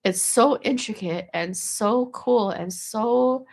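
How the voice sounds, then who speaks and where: A woman's voice: a little high, slow pace, gravelly, a little mellow. A woman talking in a casual, meandering monologue to the camera, restarting and repeating words as she goes. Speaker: vlogger.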